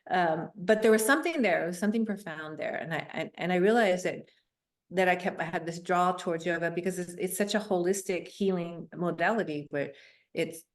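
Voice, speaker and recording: A middle-aged woman, a guest on a show, telling her personal story in an earnest, reflective way, with soft laughs and fillers. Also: fairly low pitch, brisk.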